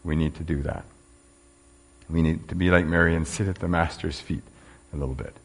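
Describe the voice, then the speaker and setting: A man's voice: a bass voice, steady tone, brisk. A man preaching a sermon in a conversational way, with rhetorical questions and casual fillers.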